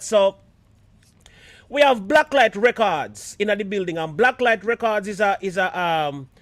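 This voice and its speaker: A man's voice: high-pitched, fairly bright tone, no room sound. A Jamaican man hosting a live stream show, chatting casually and mixing patois with standard English.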